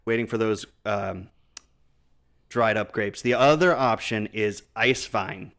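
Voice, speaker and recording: A man's voice: fairly low pitch, slow pace, fairly bright tone, clear, resonant tone. A man in his thirties, podcast co-host, chatting casually and explaining wines knowledgeably, often laughing. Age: 30s. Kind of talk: casual chat.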